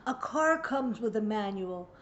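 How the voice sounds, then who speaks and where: A woman in her sixties, a parenting educator, gives an earnest, emphatic lesson straight to camera, sometimes acting out the voices of parent and child. Her voice is medium-pitched with lively intonation and an unhurried pace. The recording sounds dull and lo-fi, with a faint hum in the background.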